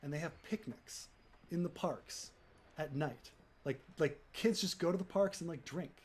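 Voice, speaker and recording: A man's voice: on the high side, normal speed, a little mellow, a little hiss or hum. A man from the United States chatting casually, rambling with lots of fillers and restarts and swearing freely. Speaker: gaming streamer chatting. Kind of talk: casual chat.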